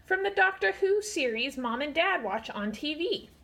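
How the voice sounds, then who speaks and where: A woman voicing an excitable young male kitten in a storybook, full of eager, wide-eyed questions. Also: sits high, normal speed, pitched above the performer's own voice, exaggerated voice.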